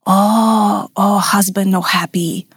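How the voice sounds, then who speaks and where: A man's voice: sits high, steady tone, slow pace, fairly bright tone, husky, no room sound, studio quality, heavily acted. A woman doing a blunt masseur in clipped broken English. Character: terse male masseur speaking broken English.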